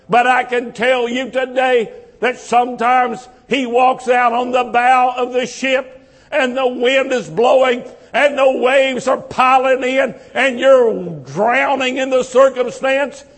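High-voiced man preaching slowly in a hall. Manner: impassioned, repetitive preaching cadence. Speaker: pastor. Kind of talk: sermon.

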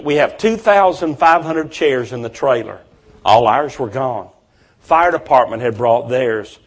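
A man's voice: mid-range voice, slightly rough. A man preaching a revival sermon, telling stories with fervent conviction.

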